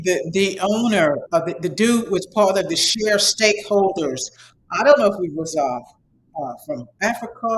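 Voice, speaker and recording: Instructor, male, high-pitched, casual and repetitive, a touch of faint background noise. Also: fairly bright tone, poor audio. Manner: rambling, repetitive, emphatic pep talk; casual, conversational. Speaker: online course instructor. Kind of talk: motivational talk to students.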